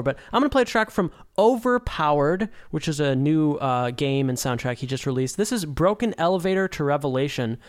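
A man hosting a casual podcast, chatting enthusiastically as he introduces tracks. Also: fairly high pitch. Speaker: podcast host.

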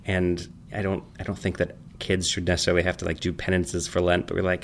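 A man in his thirties chatting casually and rambling, telling family stories with animated, high-pitched quoted voices. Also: fast, gravelly, hardly any pauses, slight background noise. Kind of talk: casual chat.

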